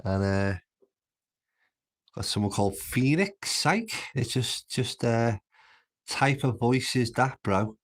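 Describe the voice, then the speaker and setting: With a mid-range, expressive voice, a livestream host from Birkenhead, England speaks slowly and pauses often. He chats casually from home in a Merseyside accent close to Scouse, rambling and getting sidetracked.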